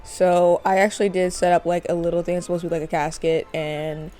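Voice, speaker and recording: Lady doing chill game commentary, kinda low mellow voice, soft music under. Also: little pitch movement, fairly quick. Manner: chatty, narrates while playing. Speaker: gaming channel host. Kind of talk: casual let's-play commentary.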